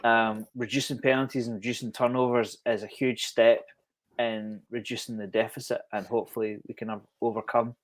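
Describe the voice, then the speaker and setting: A man co-hosting a casual sports podcast, speaking in a hesitant, measured way. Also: medium pitch, level tone. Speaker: co-host.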